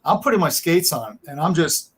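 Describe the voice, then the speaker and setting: A man, a former hockey player, recalling his playing days in a casual chat with eager, quick interjections. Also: a little high, expressive, fairly bright tone, husky. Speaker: podcast guest and former pro hockey player.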